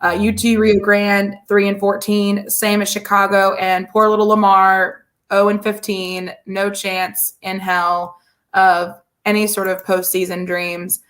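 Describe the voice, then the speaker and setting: A woman's voice: mid-range voice, flat delivery, unhurried, fairly bright tone. A woman co-hosting a casual sports podcast, chatty and rambling with lots of fillers. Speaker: podcast co-host.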